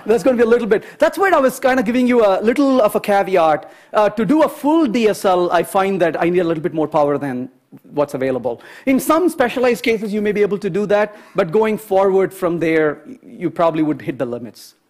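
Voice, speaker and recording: A man giving a conference programming talk, chatty and animated, often checking in with the audience. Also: sits high, a little fast. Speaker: conference speaker. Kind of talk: technical talk with anecdotes.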